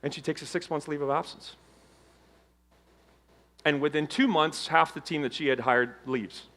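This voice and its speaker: Dramatic keynote man, fairly high voice. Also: moderate pace. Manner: dramatic swings from loud emphasis to hushed low tones. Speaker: keynote speaker. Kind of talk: motivational keynote storytelling. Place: conference stage before a live audience.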